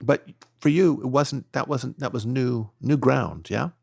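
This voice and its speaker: A man's voice: mid-range voice, unhurried, vocal fry, a little mellow, no room sound, studio quality. A man hosting a podcast interview, an engaged listener who rephrases and asks follow-up questions. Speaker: podcast host. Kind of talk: conversational interview. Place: room.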